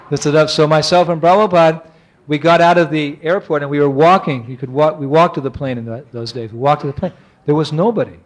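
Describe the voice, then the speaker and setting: A man, a monk, giving an animated, anecdotal lecture and chuckling often as he tells stories. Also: fairly high pitch, a little fast.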